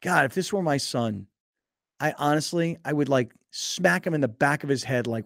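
A sports radio host with a fairly high voice that swings up and down as he tells his stories. He acts out little scenes, and the studio sound is dry and close. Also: moderate pace, gravelly, dry recording. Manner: animated storytelling, acting out scenes. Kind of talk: casual sports talk.

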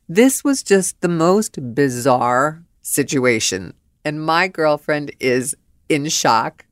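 A middle-aged woman hosting a podcast, telling stories in an animated, blunt way, laughing and swearing. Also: low voice, takes it slowly, no echo, clean studio sound. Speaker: podcast host. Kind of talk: storytelling monologue.

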